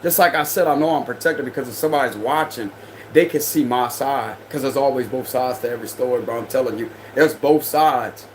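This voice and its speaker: A man's voice: medium pitch, a little fast, slight background noise, poor audio. A young man reading tarot on a livestream, ranting in a heated, confrontational, slangy way. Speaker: tarot reader. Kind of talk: livestream rant.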